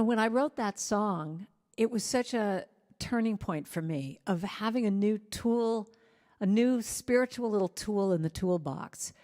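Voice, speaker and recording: A middle-aged woman, a reverend and songwriter, telling a personal story in a candid, self-deprecating way and going soft when she quotes gentle words. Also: medium pitch, long reverb tail.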